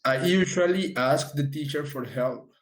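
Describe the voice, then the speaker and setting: A man's voice: fairly high pitch, unhurried. Polite male student in an echoey room.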